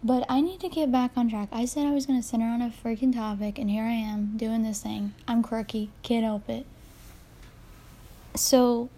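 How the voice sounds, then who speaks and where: A woman's voice: fairly high pitch, mellow. A young woman hosting a casual solo podcast, rambling and self-deprecating with jokey asides, her voice congested and a little nasal from her sinuses. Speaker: podcast host.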